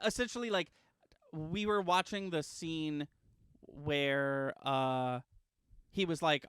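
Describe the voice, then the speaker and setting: Bright, smooth-voiced young man rambling. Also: a little high, a little slow, dry recording. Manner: rambling, hesitant, frequent fillers and laughs. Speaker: podcast co-host. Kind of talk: casual chat.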